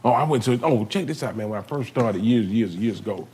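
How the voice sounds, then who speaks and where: A man in his fifties, a comedian telling animated stories in a casual chat, breaking into character voices and laughter. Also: lowish voice, brisk, a little hiss or hum. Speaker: guest comedian.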